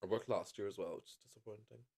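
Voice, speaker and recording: A young man co-hosts a casual podcast from an indoor room with his co-host, playful and camp and laughing often. His voice is lowish, fast and gravelly, with crowd noise in the background.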